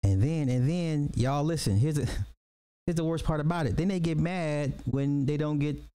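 A man's voice: on the high side, moderate pace, dark tone, clear, resonant tone. A man hosting a casual livestream podcast, talking animatedly in slangy chat, laughing often and repeating himself. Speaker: podcast host.

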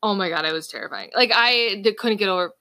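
A woman's voice: mid-range voice, fast, pushed and bright, dry recording. A young woman co-hosting a casual podcast. She chats and giggles easily, and her voice is wearing thin. The sound is dry and close to the mic. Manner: giggly and chatty. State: losing her voice. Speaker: podcast co-host. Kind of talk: casual chat.

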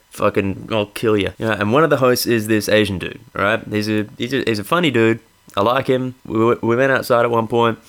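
A man's voice: lowish voice, a bit bright. A young Australian man telling a comic story in a monologue, sweary, exasperated and laughing as he goes.

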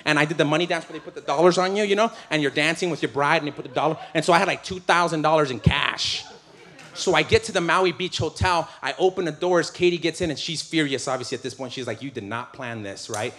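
A man with a slightly high voice preaches through a comic personal story. He is animated and self-mocking, often breaking into laughter as he talks. The delivery is quick, loose storytelling rather than formal preaching.

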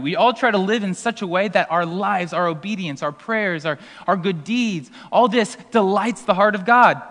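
A pastor delivers a sermon with lively storytelling, briefly voicing the people in the passage. His voice sits a little high for a man. A long reverb trails each phrase, as in a big hall. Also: normal speed, few pauses. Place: school auditorium used for worship.

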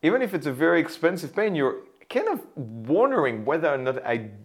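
A man teaching voice and sales in a lively monologue. His pitch sits a little high and swings widely as he explains. He talks straight to the listener in an animated way. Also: brisk. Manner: animated, demonstrates loud and whispered voices. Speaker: voice and sales coach.

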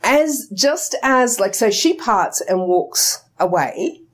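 Lively, laughing woman telling a story. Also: fairly high pitch, slow pace. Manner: animated, laughing, swears casually. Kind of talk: casual chat.

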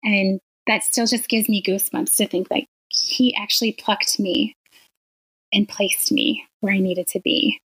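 A woman in her forties from Wisconsin, a teacher telling her story as a guest in a casual interview, earnest and quick to laugh. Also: medium pitch, steady tone, fairly bright tone, breathy edge, rough recording.

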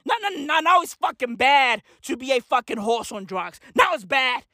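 High, animated comic ranter, shouts then mutters, dry close mic. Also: normal speed, dry recording. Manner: manic, profane, swings between shouting and muttering. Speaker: comedian. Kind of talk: comedic rant.

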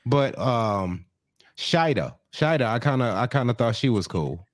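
Man, podcast co-host, lively swinging pitch, emphatic and profane, dry close mic. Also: measured pace, no echo. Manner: animated and emphatic, swears freely. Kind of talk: casual comedic recap chat.

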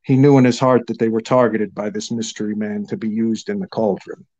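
A man narrating a fantasy story in a steady, measured reading. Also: on the low side, lo-fi sound.

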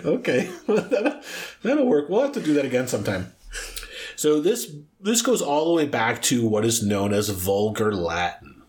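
A man's voice: medium pitch, very animated, normal speed, darkish tone. A middle-aged man co-hosting a casual podcast, playfully quizzing his partner and joking as he explains word origins. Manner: teasing, jokey quizmaster. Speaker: podcast co-host. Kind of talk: casual chat.

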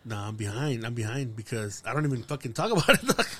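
A man's voice: medium pitch, animated, quick pace, background noise. A man co-hosting a podcast, chatting casually in a profane, slangy, rambling way. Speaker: podcast co-host. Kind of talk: casual chat.

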